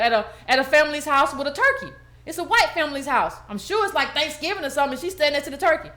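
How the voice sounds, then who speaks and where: High-voiced woman with fiery commentary. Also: fairly bright tone, roomy sound. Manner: indignant, emphatic, repeats herself for emphasis. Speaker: political commentator, channel host. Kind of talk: impassioned video commentary.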